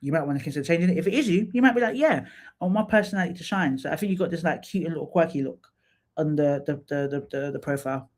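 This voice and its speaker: A man's voice: on the high side, rapid-fire, a little mellow. A man hosting a live stream, giving candid, chatty feedback and calling viewers by name. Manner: drops into sung snatches and playful asides. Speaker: live stream host reviewing profiles. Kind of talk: casual live stream chat.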